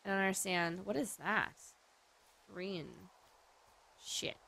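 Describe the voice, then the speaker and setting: Australian woman let's-play host, bright, unhurried, cheeky and sweary. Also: medium pitch, gravelly. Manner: animated, joking, swears often. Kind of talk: casual gameplay commentary.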